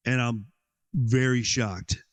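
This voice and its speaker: Slow and medium-pitched, this man tells a personal story on a podcast where he's a guest. He's animated, acts out his own thoughts, and leans heavily on "like."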